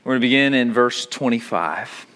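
A man's voice: medium pitch, moderate pace. A male pastor, likely in his thirties, reading scripture and then telling funny self-mocking stories in a sermon. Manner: animated storytelling, self-mocking humor.

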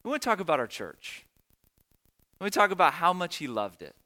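Earnest pastor, bright voice. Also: male voice, sits high, sing-song, brisk. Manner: earnest, emotional, repeats phrases for emphasis. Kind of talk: sermon storytelling.

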